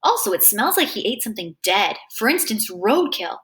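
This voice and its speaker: A woman reading a novel aloud, telling a first-person story in a lively, expressive way. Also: mid-range voice, normal speed. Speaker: reader.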